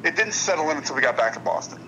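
A man's voice: on the high side, expressive, racing, pushed and bright, lo-fi sound, a little hiss or hum. A young man being interviewed as a ballplayer, telling stories in a rambling way with many restarts. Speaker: guest, professional baseball player. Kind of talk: casual interview conversation.

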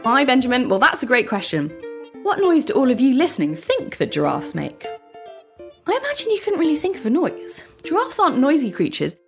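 A woman's voice, a little higher than most, that swoops up and down as she hosts a children's podcast. She reads her script in an animated way and keeps asking her young listeners questions. Music plays softly behind her. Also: fairly quick.

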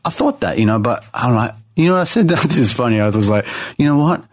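A man's voice: mid-range voice, expressive, fast. A man telling his life story as a guest on a podcast interview, earnest and full of restarts. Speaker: guest artist. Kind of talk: personal testimony in a podcast interview.

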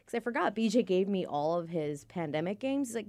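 A woman's voice: lively intonation, a little fast, hardly any pauses, mellow. Chatty teasing woman. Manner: chatty, teasing, jumps high when quoting herself. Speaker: podcast co-host. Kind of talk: casual chat.

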